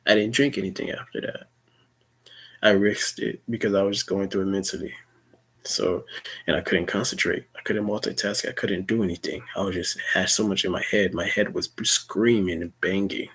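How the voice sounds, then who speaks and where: A young man tells a personal story in a husky, breathy voice that sits on the low side. He rambles casually, swears freely and often trips over repeated words as he restarts his sentences. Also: fairly even intonation, moderate pace, a bit bright. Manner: rambling, profane, stammering restarts.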